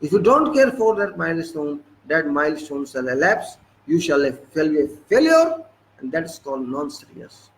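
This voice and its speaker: A man's voice: a little high, big pitch swings, moderate pace, slight background noise, poor audio. A man with an Indian English accent giving an impassioned lecture, scolding and firing rhetorical questions at his listeners. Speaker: political speaker.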